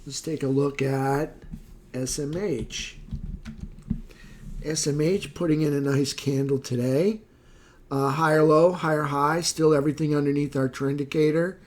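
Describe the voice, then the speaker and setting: Slightly hoarse man recapping markets. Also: a little high, fairly even intonation, unhurried, a little mellow, slight background noise. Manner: casual, thinking aloud with fillers and self-corrections. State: slightly hoarse, losing his voice. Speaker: market analyst. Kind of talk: screen-share market recap.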